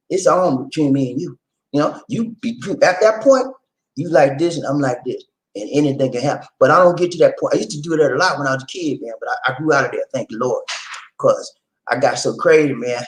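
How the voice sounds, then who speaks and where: A middle-aged man hosting his vlog at home, telling stories in a folksy, animated way and talking straight to his viewers. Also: a little high, fairly quick, poor audio. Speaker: vlog host. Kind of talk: casual storytelling chat to camera. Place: home in the Philippines.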